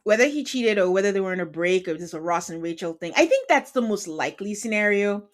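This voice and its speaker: A woman's voice: mid-range voice, fast. Chatty woman recapping reality TV. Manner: chatty, acts out quotes with lively voices. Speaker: podcast host. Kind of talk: casual reality-TV recap chat.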